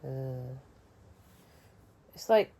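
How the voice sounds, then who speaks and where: A woman vlogging a casual weekly update, rambling and hesitant, often pausing and mocking herself. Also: a bass voice, animated, gravelly, dark tone. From England.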